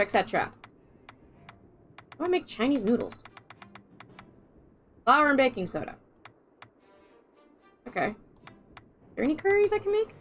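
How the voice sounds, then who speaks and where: A woman with a high-pitched, fairly bright voice streams a video game live. She chats casually with her viewers, playful and theatrical, offering spooky greetings.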